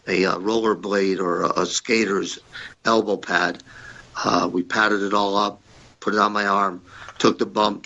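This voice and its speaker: The speaker is a former wrestler on a podcast, his fairly low voice sharp-toned and missing its highs. Chatting in interview style, he spins crude, straightforward stories, impersonating the people in them at a raised volume.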